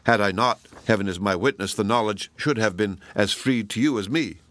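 A man reading the part of a proud, passionate woman, measured and ironic. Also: fairly low pitch, a bit bright, close to an everyday voice. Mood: probing. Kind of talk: audiobook reading.

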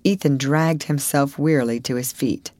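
A woman narrating an audiobook in a measured, expressive reading. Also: rumbling low, dry recording. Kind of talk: scripted narration.

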